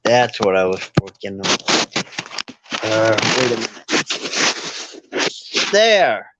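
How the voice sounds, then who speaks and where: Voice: medium pitch, big pitch swings, slow pace, dull audio, very noisy. A caller in a casual late-night chat who halts and trails off mid-sentence.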